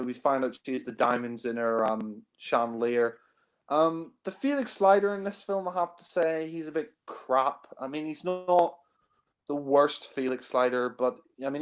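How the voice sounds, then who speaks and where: A man's voice: medium pitch, clear, resonant tone. A man talking casually about films, rambling with many fillers and frequent chuckles. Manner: rambling, heavy on fillers, laughs often. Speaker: film reviewer. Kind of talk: casual film discussion.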